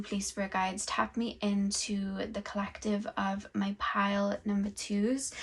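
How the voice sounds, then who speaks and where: A young woman giving a tarot reading, musing slowly and dreamily as she channels messages. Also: medium pitch, vocal fry, fairly bright tone. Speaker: tarot reader.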